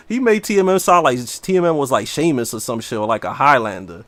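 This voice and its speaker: Quick-paced and medium in pitch, this male livestreamer chats brashly while streaming a game, with no room sound in the recording. His casual gaming stream talk is slangy and animated.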